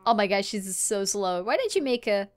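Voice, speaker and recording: A woman chatting casually while playing a game, playful and giggly, with excitable exclamations. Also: medium pitch, fairly quick. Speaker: gamer recording a let's play. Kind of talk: casual gameplay chat.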